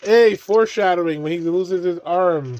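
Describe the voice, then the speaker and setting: A man's voice: sits high, normal speed, a little mellow, dull audio. A man giving casual watch-along commentary on a movie, laughing often and swearing freely as he riffs jokes.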